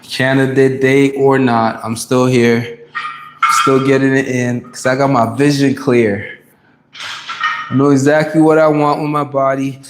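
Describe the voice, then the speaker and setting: A man's voice: medium pitch, flat delivery, unhurried, background noise. A man from Ghana chatting live with viewers during his gym workout, greeting them by name and hyping them up. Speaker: fitness livestreamer. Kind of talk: live workout stream chat.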